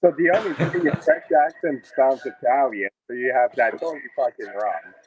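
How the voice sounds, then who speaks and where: A man's voice: mid-range voice, fairly quick, darkish tone, muffled recording, slight background noise. A man on a chat show, dropping short, dry remarks into the banter.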